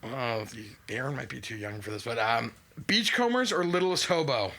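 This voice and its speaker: A man hosting a podcast in casual chat, animated and quick with questions. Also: medium pitch. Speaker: podcast host.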